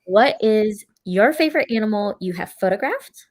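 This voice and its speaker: A woman's voice: medium pitch, lively intonation, normal speed. A woman hosting a casual interview, answering her guest with affirming remarks and asking questions. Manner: warm, affirming, with filler words. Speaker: interview host.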